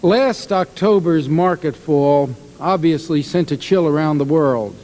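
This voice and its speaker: A man who is a congressman giving a formal statement at a hearing, halting with frequent uhs. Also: on the high side, a little mellow. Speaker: ranking minority member of congress.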